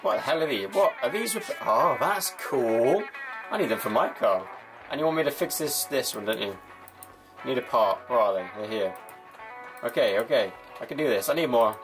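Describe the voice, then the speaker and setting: A man's voice: mid-range voice, lively intonation, normal speed, over music. A young man commentating a game with jokes, chatting to customers in a mock shopkeeper voice. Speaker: gaming YouTuber. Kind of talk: comedic gameplay commentary.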